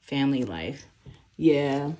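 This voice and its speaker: A woman's voice: a bass voice, lively intonation, slow, warm tone, slight background noise. A young woman giving a casual tarot reading, rambling with many fillers and frequent laughs. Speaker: tarot reader.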